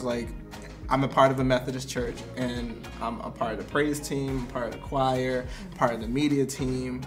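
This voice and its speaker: A young man, a ministry co-founder, telling candid stories in a casual conversation. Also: mid-range voice. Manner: candid, animated storytelling with frequent laughs.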